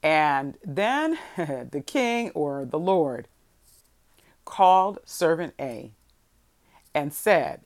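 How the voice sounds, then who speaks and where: Here a preacher, a woman whose voice sits low, gives a sermon to her audience. She handles scripture in a slow, measured manner before her expressive preaching veers from gentle reflection into emphatic bursts that build upward.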